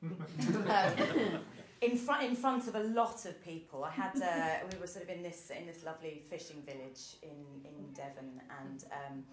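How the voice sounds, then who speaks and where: A woman's voice: low voice, measured pace, a little hiss or hum. A woman doing stand-up, telling a self-deprecating story on stage and laughing as she goes. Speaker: stand-up comedian. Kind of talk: live storytelling comedy set. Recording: roomy live venue.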